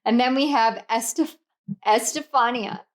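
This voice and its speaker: A woman's voice: fairly high pitch, measured pace. A young woman giving a casual tarot reading, emotional and gushing, laughing often as she goes. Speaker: tarot reader.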